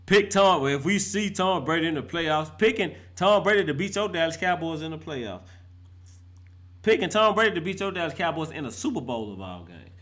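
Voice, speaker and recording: A middle-aged man vents as a fan vlogger, loud and fired up, laughing between lines. His voice sits high and swings widely in pitch. It has a bright, sharp edge, and he hammers points home by repeating them. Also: animated, brisk. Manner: fired-up, laughing, street slang, repeats for emphasis. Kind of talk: animated fan rant.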